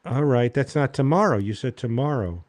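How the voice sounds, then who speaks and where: A male comedian telling anecdotes in a deadpan, exasperated casual chat. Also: medium pitch, fairly quick, no room sound. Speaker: comedian, show host.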